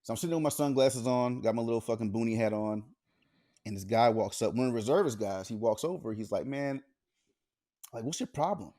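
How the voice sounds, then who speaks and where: A man co-hosting a podcast, chatting casually and telling stories in a profane, animated way. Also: lowish voice, fast. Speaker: podcast co-host. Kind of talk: casual chat.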